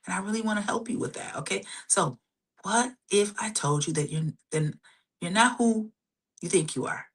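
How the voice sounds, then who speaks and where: With a medium-pitched, slightly rough voice, a middle-aged woman therapist leads a live stream. She repeats phrases, keeps asking "okay?" and addressing "you guys," and softens her pace to guide relaxing breathing exercises.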